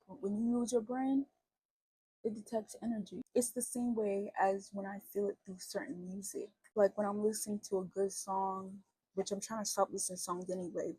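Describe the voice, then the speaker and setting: A woman's voice: medium pitch, creaky, warm tone, slightly rough, dry recording, low-quality recording. A young woman YouTuber talking in a rambling, conversational way to her channel. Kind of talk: casual vlog talk.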